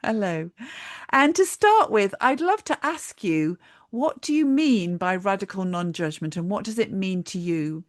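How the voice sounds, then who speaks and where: A woman hosting a podcast interview, introducing her guest and asking questions with lively lifts at the start of phrases. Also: mid-range voice, unhurried, no room sound, clean studio sound. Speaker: podcast host.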